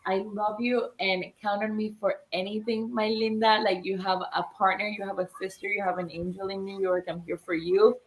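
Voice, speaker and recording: A woman's voice: medium pitch, flat delivery, moderate pace, few pauses, rough recording. A woman guest on a podcast, speaking over a call in emphatic, affectionate bursts and repeating her phrases. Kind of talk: casual chat. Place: New York.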